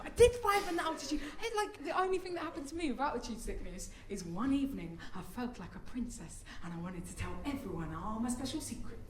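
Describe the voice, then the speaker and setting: A woman's voice: a little high, very animated, fast talker, few pauses, noisy background. A woman performing live stand-up comedy, chatty and self-mocking. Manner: chatty, self-mocking, bursts into squealing act-outs. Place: theatre stage before a laughing audience. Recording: roomy live theatre recording, mic at a distance, loud audience.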